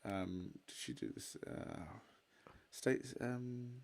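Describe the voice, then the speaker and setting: A man's voice: mid-range voice, very animated, slow pace, vocal fry. A man co-hosting a casual podcast, explaining at length with many fillers and agreeing often. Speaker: podcast co-host. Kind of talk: casual chat.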